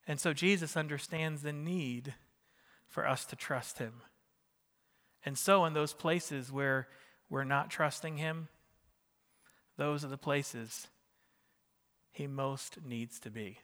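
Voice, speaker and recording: A man's voice: a little high, takes it slowly, long pauses, a bit bright, in a large hall. A man preaching a sermon in a church, talking casually with the congregation and joking with them as he goes. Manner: conversational preaching with jokes and questions to the congregation. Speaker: pastor.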